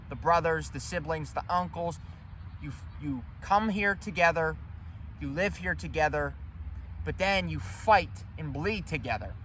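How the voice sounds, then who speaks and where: High-voiced man lecturing outdoors. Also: a little hiss or hum. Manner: emphatic, rambling, addresses viewers as ladies and gentlemen. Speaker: history vlogger. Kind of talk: walk-and-talk history vlog. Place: outdoor cemetery.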